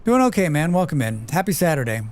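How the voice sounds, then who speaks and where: Chatty man, fairly high, smooth voice. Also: very animated, quick pace. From United States. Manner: loose and chatty, swears freely, laughs often. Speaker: livestreamer. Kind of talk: casual chat while playing, reading chat aloud.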